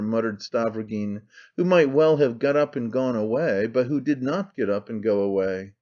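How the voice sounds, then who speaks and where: A man's voice: medium pitch, moderate pace, hardly any pauses, mellow. Man narrating an audiobook, dull sound. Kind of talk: audiobook narration of a classic novel.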